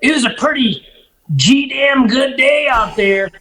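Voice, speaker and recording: A man voicing a loud, rowdy bearded fishing client, hollering and drawling his words in a raised voice. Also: very high-pitched, a little slow, recorded from a distance, voice pushed up, exaggerated voice. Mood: insistent.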